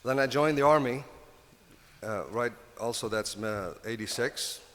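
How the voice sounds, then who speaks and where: A man in his fifties with a heavy Lebanese Arabic accent, sitting on a panel. He talks in halting stretches, restarting his sentences often, at a mid pitch for a man. His voice carries a long reverb from a conference hall. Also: fairly bright tone. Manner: halting, many restarts, acts out dialogues. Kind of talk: panel talk. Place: convention hall.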